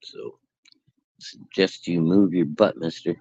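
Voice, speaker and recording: A man's voice: low voice, steady tone, takes it slowly, mellow, slightly rough, dry recording, muffled recording. A man co-hosting a casual livestream chat, joking and teasing. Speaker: co-host.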